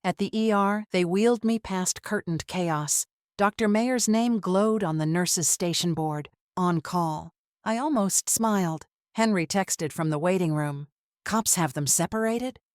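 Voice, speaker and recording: A woman narrating a dramatic first-person story in measured, clipped phrases. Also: mid-range voice, a little mellow, clean tone, no room sound, clean studio sound.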